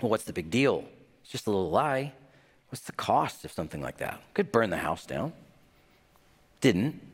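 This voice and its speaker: A man preaching a sermon, telling a childhood story with acted-out voices and a lively delivery. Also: lowish voice, normal speed, husky. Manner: animated storytelling with acted-out quotes. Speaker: pastor. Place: large hall. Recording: reverberant hall.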